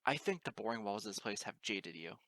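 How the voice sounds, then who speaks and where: A man's voice: on the low side, expressive, fairly quick, a bit bright, no room sound. A man reading as a breezy, sarcastic mare teacher. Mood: cocky. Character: easygoing, teasing adult female pony teacher. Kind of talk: amateur audiobook reading.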